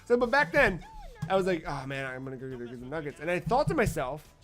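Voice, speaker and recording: A man's voice: fairly high pitch, very animated, quick pace, a bit bright, soft background music. Profane storytelling man in his thirties. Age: 30s. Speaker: podcast co-host. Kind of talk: casual chat.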